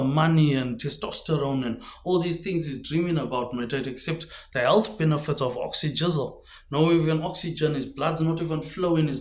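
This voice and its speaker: A man rambling through a loose monologue, ending phrases on a quiet, low "mate.". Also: echoey room. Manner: rambling, drops pitch and volume on tag words like "mate". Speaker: video host.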